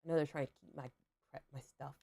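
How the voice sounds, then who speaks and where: A woman's voice: sits low, fairly even intonation, fast, gravelly, warm tone. A young adult woman hosting a game livestream, chatting casually in a rambling way, full of fillers and questions to herself. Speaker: livestream host. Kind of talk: casual chat while gaming.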